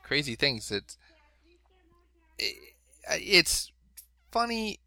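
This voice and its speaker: Bright-voiced animated middle-aged man. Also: a little high, extremely slow, gravelly, dry recording. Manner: animated storyteller, laughing asides. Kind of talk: casual chat.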